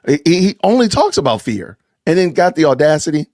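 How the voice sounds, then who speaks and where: Animated man ranting on a podcast. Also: a little high, brisk. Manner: emphatic, animated, repeats points for stress. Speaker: podcast host. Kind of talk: livestream commentary reacting to clips.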